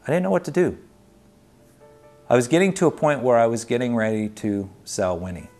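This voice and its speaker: A man's voice: medium pitch, a little fast, a little mellow, soft background music. A man narrating his own story for a documentary in an earnest, conversational way, retelling events vividly. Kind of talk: personal storytelling.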